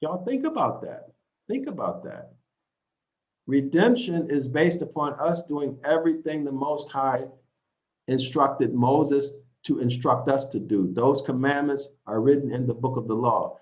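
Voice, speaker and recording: A man teaching scripture who reads verses aloud, explains them, and keeps checking in with "okay?" and "right?". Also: mid-range voice. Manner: repeats points, asks "okay?" and "right?". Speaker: Bible teacher. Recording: slightly dull lo-fi audio.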